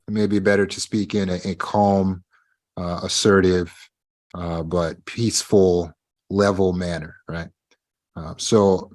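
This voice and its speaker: A man teaching a self-help lecture, emphatic, speaking straight to his students and acting out the lines of the people in his examples. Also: fairly low pitch. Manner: emphatic, talks straight to his students, acts out quoted speech. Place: live online meeting.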